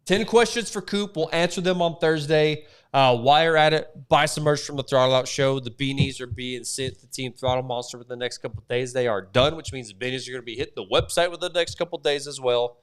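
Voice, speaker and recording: A man's voice: medium pitch, fast, hardly any pauses, clear, resonant tone. A man hosting a casual motorsport podcast, joking around and plugging merch and sponsors. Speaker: podcast host.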